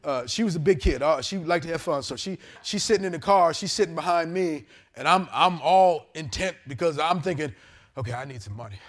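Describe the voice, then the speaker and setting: A male pastor, preaching a storytelling sermon to his congregation. He tells the story with lively character voices and laughter. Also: fairly high pitch, a little fast, hardly any pauses. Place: church service in a hotel venue. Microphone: handheld or lapel mic.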